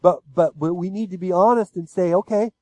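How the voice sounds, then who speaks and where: A man preaching in a conversational way, tossing rhetorical questions to the room. His voice sits a little high for a man. The sound is close and dry, with almost no room in it. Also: a little fast, mellow, no echo, poor audio. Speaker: pastor. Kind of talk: sermon.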